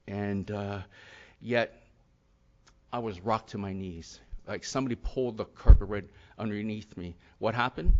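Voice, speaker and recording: A man's voice: lowish voice, a little mellow. A middle-aged man giving an earnest, rambling personal testimony at a recovery talk, full of "you know" and "and yet". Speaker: speaker sharing his recovery story. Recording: slightly dull lo-fi sound.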